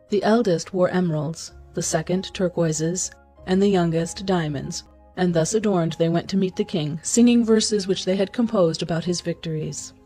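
A woman storyteller reads a fairy tale in a calm, even, scripted way. Her voice is lowish, mellow and a little breathy. Soft music plays faintly behind her. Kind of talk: scripted narration.

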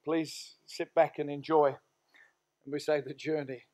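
A man's voice: a little high, flat delivery, unhurried, a little mellow. A middle-aged man with an Australian accent, a senior pastor preaching a sermon in church, telling stories in a folksy way and praying aloud. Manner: storytelling, folksy, prays aloud. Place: church sanctuary.

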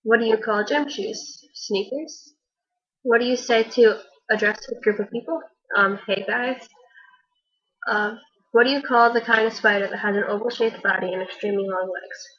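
Young woman, higher voice, hesitant casual reader, muffled lo-fi home audio. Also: steady tone, moderate pace, a bit bright. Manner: hesitant, frequent ums. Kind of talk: reading a word list on camera. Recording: dull lo-fi home recording.

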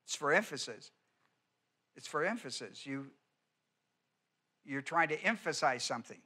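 A man's voice: on the high side, animated, moderate pace, pushed and bright, husky. A male pastor teaching an expository sermon, driving points home by repeating them and asking the congregation whether they follow. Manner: emphatic teaching, repeats key words, asks the congregation questions.

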